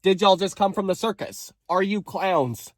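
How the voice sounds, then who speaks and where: Man, young adult, high voice, sassy comedic storytime, mock outrage, dry close recording. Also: lively intonation, moderate pace, dry recording. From Canada. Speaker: storytime creator. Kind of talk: casual comedic storytime reading comments.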